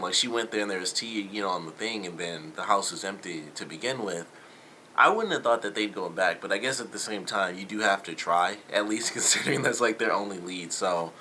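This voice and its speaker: A man's voice: low voice, pushed and bright, a little hiss or hum, low-quality recording. A young man talking casually through a TV episode review, rambling with many fillers and loosely quoting the characters. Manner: rambling, lots of fillers and paraphrased quotes.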